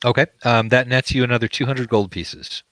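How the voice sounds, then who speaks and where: A man's voice: mid-range voice, fairly even intonation, brisk, a bit bright, no room sound. A man narrating as game master, describing scenes in a loose, conversational way.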